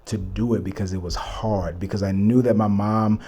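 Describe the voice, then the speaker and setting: A man's voice: lowish voice, fairly even intonation, normal speed, dark tone, breathy edge. A young man from Texas telling a personal story to camera, earnest and reflective, full of "you know" and "like". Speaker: vlogger.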